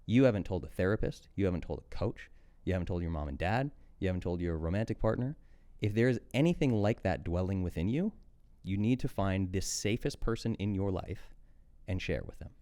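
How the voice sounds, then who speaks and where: A man's voice: deep voice, animated, brisk, dark tone. A man in his thirties, a podcast guest and coach, talking candidly and intensely, swearing freely. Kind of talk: candid conversational monologue.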